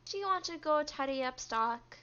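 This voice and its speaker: A brisk, friendly young shop clerk chats in an upbeat tone, voiced by a woman playing a game. Her voice is a little high, and the stream audio is dull and lo-fi. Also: lively intonation, sharp tone.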